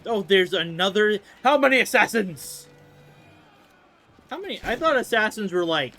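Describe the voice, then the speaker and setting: Excitable young man commentating gameplay. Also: sits high, normal speed. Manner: excitable and swearing, with sudden outbursts. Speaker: gaming streamer. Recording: voice over game music.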